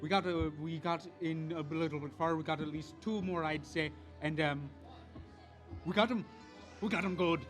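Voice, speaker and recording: A man's voice: fairly high pitch, fairly even intonation, normal speed, fairly bright tone, soft background music, natural voice. A man voicing a bumbling pirate posing as a guard, in a put-on Irish accent. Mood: bluffing.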